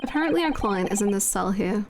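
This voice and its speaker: A woman's voice: mid-range voice, lively intonation, fast, background noise, voice pushed down, lightly acted. A woman reading aloud as an earnest young male defense lawyer in a game. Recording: game music behind.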